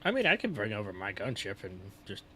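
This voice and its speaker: A man's voice: on the low side, huge pitch swings, quick pace, a crowd in the background. A man on voice chat with fellow players, planning moves in a plain, matter-of-fact way. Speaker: gaming teammate. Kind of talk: casual gaming chat. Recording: noisy voice chat.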